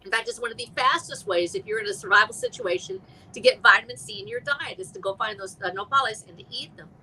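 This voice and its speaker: A middle-aged woman, chatting as a guest author on a live stream, rambling and animated with many restarts. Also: fairly high pitch, fast talker, crowd noise, low-quality recording. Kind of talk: casual chat.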